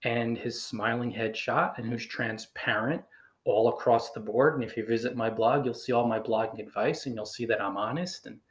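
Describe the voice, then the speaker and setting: A man's voice: mid-range voice, fairly even intonation, moderate pace. A man from northern New Jersey with a northern New Jersey accent, a blogger talking casually to his listeners and firing off emphatic rhetorical questions. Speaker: blogger giving advice. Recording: echoey room.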